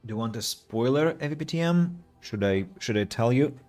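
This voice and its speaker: A man's voice: mid-range voice, animated, normal speed, darkish tone. A man streaming a game, chatting casually and greeting viewers. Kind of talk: casual live-stream commentary.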